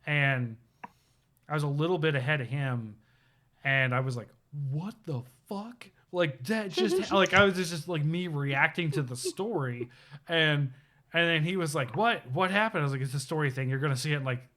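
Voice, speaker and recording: A man chats casually on a live stream, telling a game story in a bright, forward voice. He is loose and full of fillers, and he switches into quick quoted voices. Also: a little high. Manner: animated storyteller, acts out quotes, many fillers. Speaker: podcast co-host. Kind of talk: casual chat about video games.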